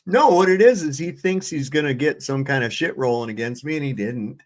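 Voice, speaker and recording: A man's voice: medium pitch, lively intonation, brisk. A man hosting a casual livestream panel chat, telling stories in a loose, profane way and laughing often. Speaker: livestream host.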